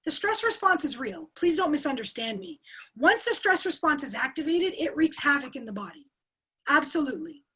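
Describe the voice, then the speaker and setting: A woman with a high voice coaches an online forum over a video call, talking a little fast. She's energetic in this interactive teaching webinar, putting questions to her audience and repeating the key words.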